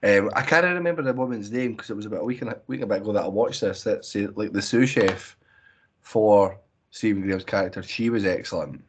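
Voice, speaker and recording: Husky low-voiced Scottish man. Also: fast talker. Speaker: podcast co-host. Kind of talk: casual film-review chat.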